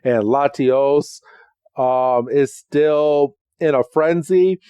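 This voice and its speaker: A man's voice: medium pitch, warm tone, smooth, no echo, lo-fi sound. A man hosting a podcast, recapping a cartoon episode in a casual, chatty way with plenty of ums. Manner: chatty, with frequent ums and quick acted quotes. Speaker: podcast host.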